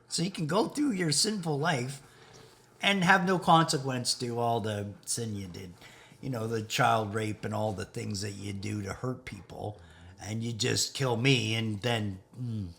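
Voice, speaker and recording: A man's voice: mid-range voice, lively intonation, measured pace, vocal fry, fairly bright tone. A man talking in a rambling spiritual monologue, laughing now and then and sometimes dropping to a whisper. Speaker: video host.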